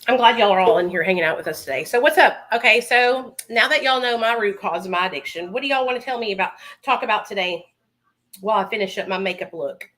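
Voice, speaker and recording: A woman hosts a livestream from home, chatting casually with viewers while doing her makeup and calling them honey and baby. Her mid-range voice is fast and a bit bright.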